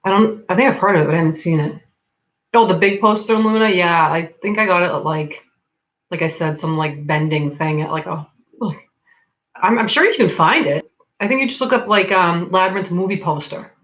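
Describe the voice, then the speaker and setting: This livestream host is a woman from Massachusetts whose accent sits somewhere between Boston and Rhode Island. She talks brisk and casual in a low-side, fairly bright voice, reading comments, laughing a lot, and leaning on "like." The sound is lo-fi.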